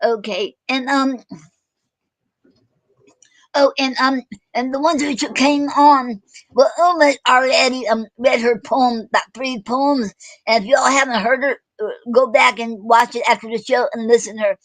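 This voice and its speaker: A woman hosting a casual online poetry show, talking haltingly with many fillers and self-corrections. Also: high voice, fairly even intonation, fairly bright tone, no echo, rough recording. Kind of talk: casual live-stream chat.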